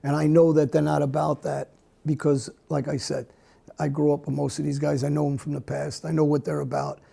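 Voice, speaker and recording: Gravelly, husky-voiced man, blunt. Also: on the high side, flat delivery, warm tone. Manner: blunt, halting speech with many restarts. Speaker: interview guest. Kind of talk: candid conversational interview.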